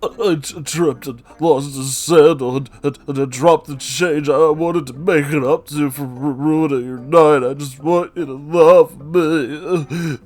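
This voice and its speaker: A man's voice: on the high side, fairly even intonation, a little mellow, soft background music, voice pushed up, natural voice. A man doing a sobbing, stammering young man. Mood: sobbing pleading. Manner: stammering, halting, tearful.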